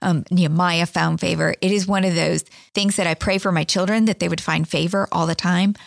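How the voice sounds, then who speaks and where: A woman's voice: on the low side, steady tone, fairly quick, creaky, dry recording, studio quality. Earnest woman chatting about scripture. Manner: earnest, reflective, with restarts and small laughs. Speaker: podcast co-host. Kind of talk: casual Bible study chat.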